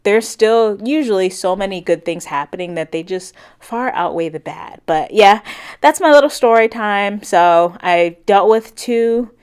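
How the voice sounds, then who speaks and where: A woman in her thirties talks through a casual vlog storytime with a smooth, clear voice at a middle pitch. She tells it animatedly, slipping into the voices of the people she quotes. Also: a little slow. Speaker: cleaning vlogger. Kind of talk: chatty storytime while cleaning.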